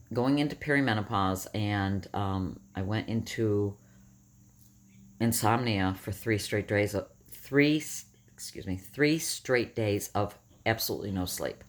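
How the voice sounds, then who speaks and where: Vlogger, woman in her 50s, husky morning voice, lively and rambling delivery, lots of pitch swings. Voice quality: rough morning voice. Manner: rambling, self-correcting, animated. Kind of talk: casual personal storytelling.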